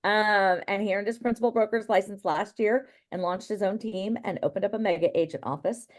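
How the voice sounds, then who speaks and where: A woman's voice: mid-range voice, a little fast. A woman hosting an online session and introducing the next speaker, upbeat. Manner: upbeat and lively.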